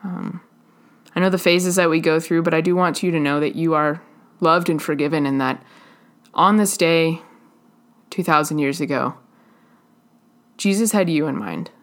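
Female preacher, earnest and halting sermon delivery, lower-pitched voice.

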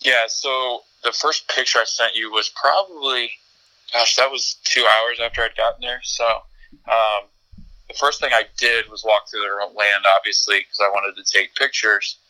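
A man's voice: mid-range voice, steady tone, normal speed, bright, forceful tone, rough recording. A man in a casual podcast chat, telling a story in a chatty way, laughing often and restarting his sentences.

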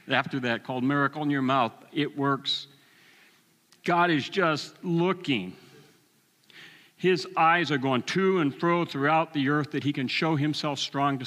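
A man in his sixties preaching a sermon, telling a personal story with animated delivery and chuckles. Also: mid-range voice, in a large hall.

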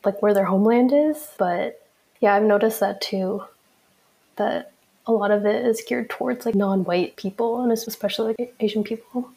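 A woman's voice: on the high side, mellow. A young American woman co-hosting a podcast, talking reflectively and casually with many "like" fillers. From United States. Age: young adult. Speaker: podcast co-host.

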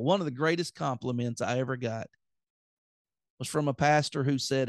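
A man's voice: mid-range voice, normal speed, long pauses, no echo, studio quality. A man with a Southern accent preaching an earnest, plain-spoken sermon on his podcast.

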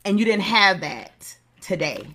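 A woman's voice: medium pitch, big pitch swings, unhurried, a bit bright. Middle-aged woman, motivational host; earnest, sermon-like delivery with repeated phrases. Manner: earnest, preacherly, repeats key phrases for emphasis. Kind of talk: motivational talk.

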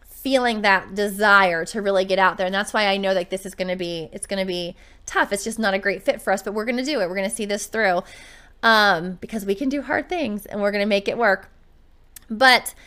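A woman's voice: medium pitch, a bit bright, smooth. A woman talking as a podcast host and running coach, chatting casually and telling a story in an upbeat way.

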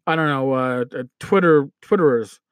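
A man's voice: medium pitch, moderate pace, a bit bright, clean tone, no room sound. A man hosting a casual podcast, ranting with swearing, fillers and restarts. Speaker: podcast host. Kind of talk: casual solo podcast commentary.

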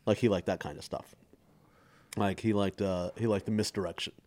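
A man in his forties, a stand-up comedian, chatting as a guest and telling loose, animated stories that he laughs through. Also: lowish voice, a little fast. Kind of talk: casual storytelling chat.

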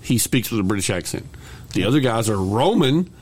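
A man's voice: on the low side, big pitch swings. A man co-hosting a podcast, chatting casually about a movie, joking and swearing freely. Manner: profane, joking, quick to laugh. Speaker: podcast co-host. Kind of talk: casual movie review chat.

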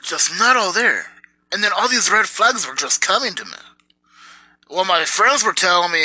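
Young man, rambling bitter rant, lively pitch, tense edge. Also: moderate pace, breathy edge, no room sound, low-quality recording. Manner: bitter, rambling with many fillers. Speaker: vlogger. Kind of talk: ranting personal story.

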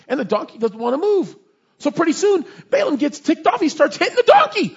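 A man preacher giving a sermon, retelling Bible stories in an animated, informal way with slangy asides. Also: very high-pitched, brisk. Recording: dull lo-fi recording.

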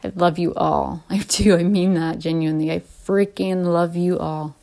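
A woman in her late thirties talking in a casual, heartfelt and rambling way as a vlogger, often laughing softly between restarts. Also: fairly low pitch, steady tone, moderate pace, vocal fry. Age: late 30s. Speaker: vlogger and podcaster. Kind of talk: casual heartfelt personal talk.

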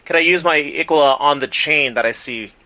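A man's voice: on the high side, brisk, bright, forceful tone. A man playing a tabletop game, hesitant, with laughing asides. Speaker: player.

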